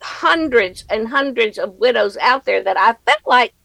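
Brief: middle-aged woman comic as interview guest, gravelly, earnest, dry close sound. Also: on the high side, lively intonation, unhurried, a bit bright, dry recording, poor audio. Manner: earnest and reflective, laughs easily, faith-centered. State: widowed. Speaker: comedian guest. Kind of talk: conversational interview answers.

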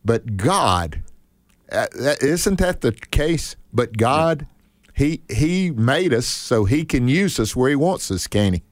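An older man hosts a faith talk show in a folksy, unhurried, preacherly way, often repeating a word as he restarts a sentence. The sound is dry and close, with no room around it. His voice sits at an ordinary pitch for a man. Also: very animated, no room sound. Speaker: host. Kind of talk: casual chat.

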